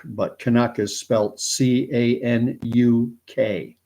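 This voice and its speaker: A man's voice: medium pitch, steady tone, slow pace, few pauses, dark tone. A man from Canada hosting a casual live stream, chatty and joking, thinking aloud as he follows a count. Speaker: host.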